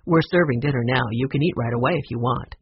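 Reader lowering the voice for a teasing motel manager. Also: quick pace, slightly rough, dry recording, dull audio. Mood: amused. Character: kindly middle-aged man who runs a motel.

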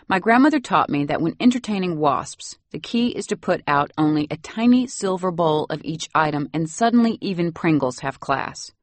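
A woman reading a first-person novel with a wry, dry edge. Her voice sits low, and the recording is close and dead, with no room sound. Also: expressive, moderate pace, hardly any pauses, dry recording. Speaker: narrator. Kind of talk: audiobook narration.

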